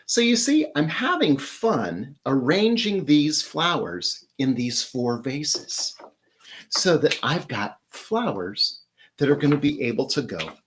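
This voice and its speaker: A man's voice: a little high, very animated, takes it slowly, fairly bright tone, a little hiss or hum. A man hosting a flower-arranging demonstration in his home flower studio, talking in an upbeat, enthusiastic teaching manner. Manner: upbeat, enthusiastic instructional talk. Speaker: florist host.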